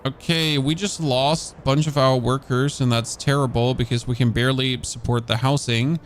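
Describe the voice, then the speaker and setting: A man's voice: mid-range voice, fairly even intonation, normal speed, slight background noise. A man from Germany with a German accent, commentating casually on a game he is streaming, thinking aloud and talking to his chat.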